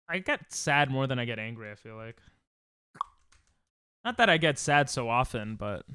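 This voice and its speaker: A man's voice: medium pitch, bright, forceful tone, clean tone, no echo. A young man chatting casually on a live stream while gaming, joking, laughing often and reading chat aloud from a close desk mic at home.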